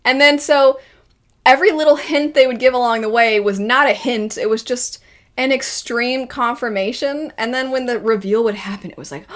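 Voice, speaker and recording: A woman reviewing a series in a casual spoken style, lively and acting out her own quoted reactions. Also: on the high side, moderate pace. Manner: animated, acts out quoted reactions. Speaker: video reviewer.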